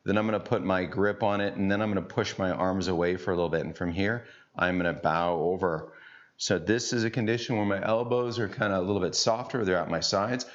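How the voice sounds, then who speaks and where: Folksy middle-aged golf coach, low voice. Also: male voice, a little fast. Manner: folksy, chatty, jokey asides. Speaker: golf instructor. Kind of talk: on-course instruction. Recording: dull lo-fi sound.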